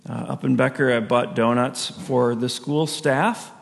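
Male pastor, conversational sermon, gravelly tone, mid-range pitch, recorded in a church sanctuary. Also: fairly even intonation, unhurried. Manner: conversational storytelling with frequent laughs. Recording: long reverb of a large hall.

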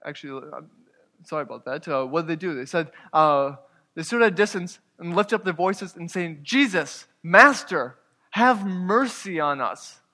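Man, pastor, sermon, earnest, slightly high pitch, loud and soft turns. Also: a little fast, in a large hall. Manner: earnest preaching, shifts between loud emphasis and quiet asides.

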